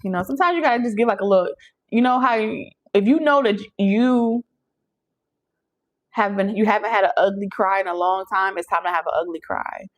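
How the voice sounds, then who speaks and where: Animated woman giving a chatty tarot reading. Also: medium pitch, fairly quick, poor audio. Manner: animated, preachy, laughs often, talks straight to viewers. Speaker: tarot reader. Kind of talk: casual channeled tarot reading.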